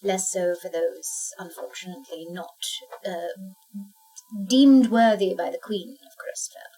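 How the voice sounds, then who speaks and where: A woman's voice: fairly low pitch, unhurried, mellow, breathy edge. A woman voicing a courteous woman informant who calls people darling and my dear, heard on a distant mic with faint music.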